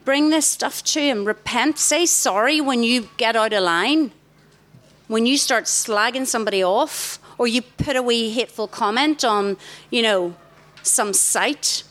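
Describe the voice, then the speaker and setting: A middle-aged woman, giving a lively, direct sermon to a tent of girls. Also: on the high side, measured pace. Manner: lively, direct, warmly emphatic. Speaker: youth speaker. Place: large tent.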